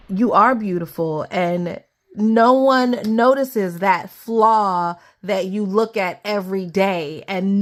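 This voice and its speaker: Excitable woman giving a tarot reading. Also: medium pitch. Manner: excitable, laughs often, chatty. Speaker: tarot reader. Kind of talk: casual tarot reading to camera.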